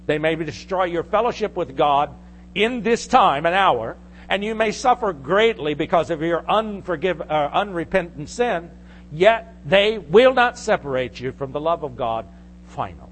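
A male pastor preaching a sermon, teaching from scripture and rising to forceful emphasis. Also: a little high, animated, normal speed, slight background noise.

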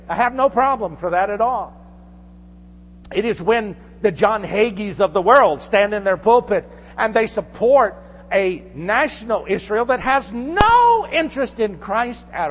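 Fervent high-pitched male preacher. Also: in a large hall. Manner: fervent, emphatic, rhetorical questions to congregation. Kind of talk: sermon.

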